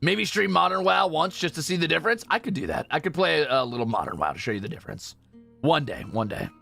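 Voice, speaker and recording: A man's voice: on the high side, animated, quick pace, creaky, pushed and bright, soft background music. A man from Europe streaming a game, chatting casually in a jokey, self-correcting way.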